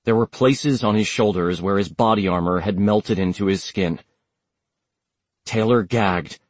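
A man reading an audiobook in a steady, measured narration. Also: fairly low pitch, no echo. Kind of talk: scripted narration.

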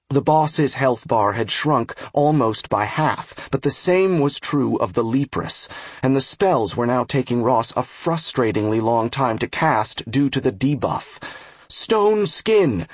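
A man reads a fantasy game novel aloud with steady, even pacing and a husky grain to his mid-range voice. The sound is close and dry, as from a studio mic. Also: mid-range voice, no room sound. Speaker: audiobook narrator. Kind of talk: scripted narration.

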